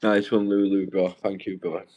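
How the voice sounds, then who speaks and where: A man's voice: sits low, little pitch movement, moderate pace, mellow, no room sound, muffled recording. A young man, rambling and swearing as he talks straight to his livestream viewers. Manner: rambling, swears a lot, addresses viewers directly.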